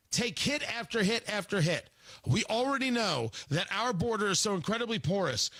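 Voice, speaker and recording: A male radio talk show host giving political commentary, animated and sarcastic, acting out mocking voices. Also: high voice, dry recording.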